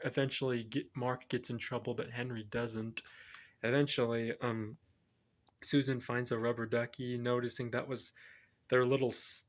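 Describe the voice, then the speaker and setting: A man reviewing a film, retelling its plot casually in a rambling way and often correcting himself. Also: medium pitch. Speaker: movie reviewer.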